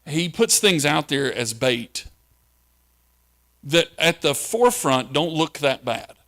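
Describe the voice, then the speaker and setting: A man's voice: on the high side, sing-song, slow, fairly bright tone. Man preaching with rhetorical questions. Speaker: pastor. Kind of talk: sermon.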